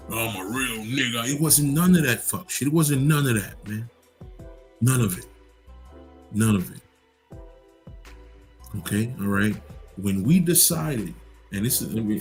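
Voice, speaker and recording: Man, low voice, rambling spiritual monologue, profane, faint background music. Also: darkish tone. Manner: rambling, profane, lots of restarts. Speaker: host.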